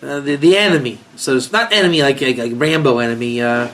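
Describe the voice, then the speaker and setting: A man's voice: medium pitch, quick pace, fairly bright tone, slight background noise. A man with a South African accent, a rabbi telling a rambling story in a casual class, chuckling and restarting his sentences.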